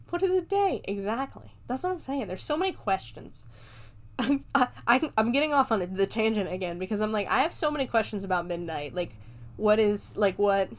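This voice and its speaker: A woman hosting a podcast, recapping a film in a chatty, rambling way, swearing casually and laughing often. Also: medium pitch. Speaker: podcast host reviewing a film.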